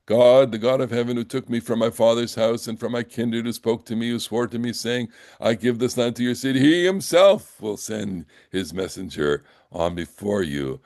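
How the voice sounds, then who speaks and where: An older man teaching a Bible class. He reads Hebrew verses slowly, translates them, and talks in a halting way with many fillers and restarts. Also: fairly low pitch, animated, a little mellow, no echo, clean studio sound. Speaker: Torah teacher.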